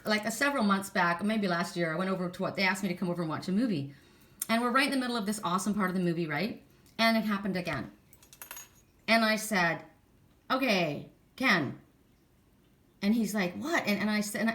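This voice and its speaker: Chatty woman doing an oracle card reading. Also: mid-range voice. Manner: chatty, animated storytelling with laughs. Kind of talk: casual tarot-style card reading.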